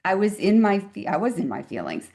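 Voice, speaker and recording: A woman's voice: medium pitch, wildly swooping pitch, brisk, vocal fry, darkish tone. A woman in her fifties speaks as a podcast guest in a mid-range voice. She tells stories earnestly and reflectively. She leans on key words for emphasis. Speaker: physician guest. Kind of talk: conversational interview storytelling.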